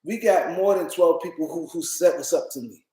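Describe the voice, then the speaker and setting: A man's voice: on the high side, fairly quick, dark tone. Tired, rambling man in an echoey room. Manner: loose, rambling, talks to chat, repeats himself. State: tired, yawning. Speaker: livestream host. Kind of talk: casual livestream chat.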